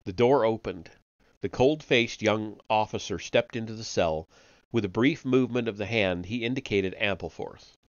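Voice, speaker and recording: Low-voiced man reading a novel aloud. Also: dry recording, highs cut off. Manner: measured, with occasional slips and self-corrections. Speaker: reader of an online book series. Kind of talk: live audiobook reading.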